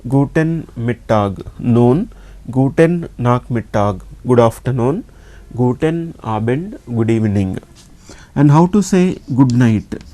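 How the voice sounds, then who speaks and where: A man from India with an Indian English accent, teaching a slow classroom lesson and patiently repeating each sound. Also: mid-range voice, expressive, dark tone. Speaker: language teacher.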